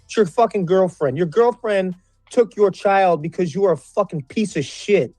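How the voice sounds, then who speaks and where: A man's voice: normal speed, no room sound, faint music behind. Furious, cursing man ranting. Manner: angry, profane, repeats himself, voice climbing high when shouting. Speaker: panel guest. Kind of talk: heated livestream panel rant.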